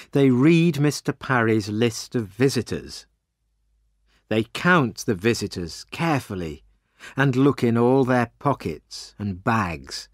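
A man narrating a simple story slowly and clearly for English learners. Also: medium pitch, dry recording, clean studio sound. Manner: slow, clear and expressive reading.

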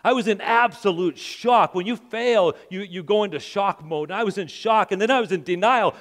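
A middle-aged pastor preaches in a large church, his fairly high voice carrying a long hall reverb. He tells stories in a lively way and voices his own inner thoughts as he goes. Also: normal speed, hardly any pauses. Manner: storytelling, acts out his own thoughts with rising intensity. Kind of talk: sermon. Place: church auditorium.

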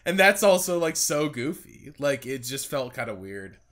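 Lively, bright-voiced man chatting casually. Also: medium pitch, moderate pace. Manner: rambling, animated, laughs often. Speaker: podcast co-host. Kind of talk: casual chat.

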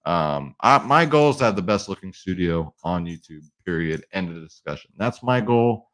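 A man with a fairly low voice hosts a casual sports betting vlog. He talks brashly and swears freely, and he whoops loudly as he hypes up his picks. He is recording in a sparse home studio with bare walls. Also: lively intonation, moderate pace. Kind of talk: casual hyped-up vlog talk.

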